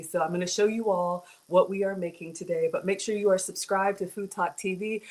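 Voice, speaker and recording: A woman's voice: on the low side, poor audio. Chatty woman hosting a cooking stream. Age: middle-aged. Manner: chatty, greets viewers by name. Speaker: cooking show host. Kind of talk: casual livestream chat.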